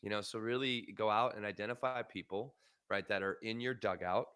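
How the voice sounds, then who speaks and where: A man's voice: lowish voice, fairly even intonation, fairly quick, a bit bright, clear, resonant tone, no echo. A man co-hosting a podcast and coaching, talking in an earnest, reflective way with many fillers. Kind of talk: casual podcast chat.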